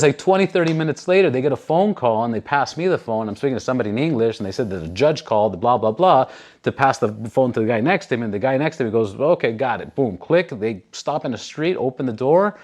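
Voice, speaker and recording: Brief: man, 30s, talk-show host, animated storyteller, swears freely, mid-pitched voice. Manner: animated, profane, acts out quoted people. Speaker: podcast host. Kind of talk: casual storytelling.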